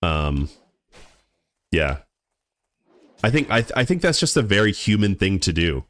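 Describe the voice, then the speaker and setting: A man's voice: low voice, big pitch swings, measured pace, a bit bright, dry recording. A young man streaming a game, chatting casually with his viewers in a laid-back, rambling way that stumbles and repeats words. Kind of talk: casual live-stream chat while gaming.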